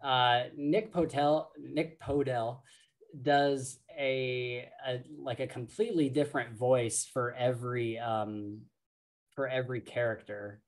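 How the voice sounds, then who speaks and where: A man co-hosts a casual book podcast at an unhurried pace. He talks in a halting, rambling way, full of fillers and restarts. His voice sits in a middle register. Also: medium pitch, steady tone. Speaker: podcast co-host.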